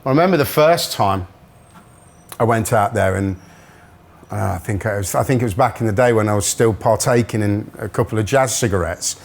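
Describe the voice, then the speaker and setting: A man's voice: lowish voice, fairly quick. A middle-aged man, a musician guest telling stories in casual chat and laughing often. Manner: chatty storyteller, laughs often.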